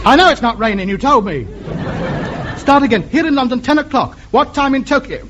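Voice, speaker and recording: A man's voice: very high voice, animated, brisk, a crowd in the background. An actor playing a chatty male amateur radio ham who over-explains in an exasperated way, in 1950s radio comedy style. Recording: muffled old radio recording with hiss.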